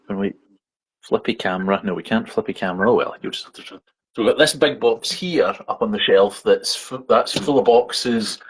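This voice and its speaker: A man's voice: fairly low pitch, moderate pace, breathy edge. A man joking around and laughing a lot, talking casually on a video call from home. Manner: jokey, laughs often. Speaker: podcast call-in guest.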